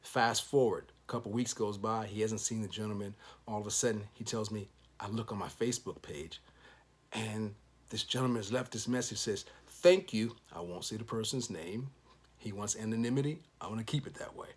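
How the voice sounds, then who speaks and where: A man's voice: on the low side, a little fast, slightly rough. A man hosting his own show, giving an upbeat, encouraging motivational monologue with preacherly sign-offs. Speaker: show host.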